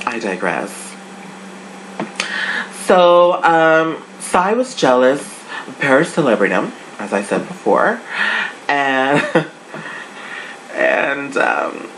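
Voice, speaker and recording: Sassy gossiping reviewer, noisy recording. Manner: sassy, dishy, big pitch swings. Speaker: online show reviewer.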